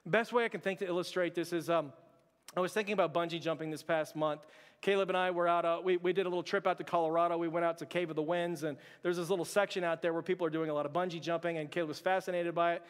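A male pastor preaches with a lively, humorous storytelling manner, sometimes sinking to a near-whisper for his own inner thoughts. His voice sits fairly high for a man. It rings out in a church hall with a long, trailing reverb. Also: quick pace, clear, resonant tone. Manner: animated and humorous, drops to a hushed voice for quoted thoughts. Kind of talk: sermon with personal storytelling. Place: church sanctuary.

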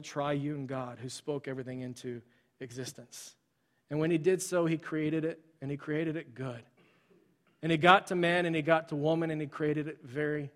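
A man preaching to his church, telling a story in a conversational way with frequent fillers and restarts. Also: fairly high pitch. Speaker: pastor. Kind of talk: sermon storytelling. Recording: long hall reverb.

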